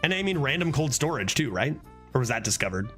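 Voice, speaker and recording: A man's voice: mid-range voice, fast talker, soft background music. A man streaming a card game, chatting casually, swearing and breaking into laughing outbursts. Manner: animated, swears often, frequent laughing outbursts. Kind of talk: casual gameplay commentary.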